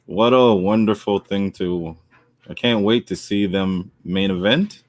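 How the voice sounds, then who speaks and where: A man co-hosting a wrestling podcast in casual chat, animated and argumentative, often laughing. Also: fairly low pitch, unhurried, dry recording. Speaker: podcast co-host.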